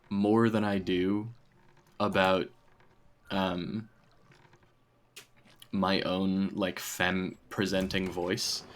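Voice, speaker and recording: A man's voice: low-pitched, a bit bright, a little hiss or hum. A man chatting casually on a game stream, rambling between puzzles and laughing often. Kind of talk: casual gaming stream chat.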